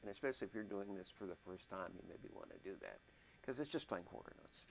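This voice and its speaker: A man's voice: low voice, expressive, quick pace, creaky, a little hiss or hum, rough recording. A man teaching music production in a casual, thinking-aloud way, humming out drum rhythms as he goes. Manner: thinks aloud, chatty, vocalizes drum patterns.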